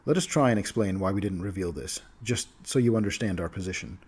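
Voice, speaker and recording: A man reading the part of a persuasive noble adventurer in a fantasy game story, in a low, husky voice. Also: fast talker, a little mellow. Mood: earnest.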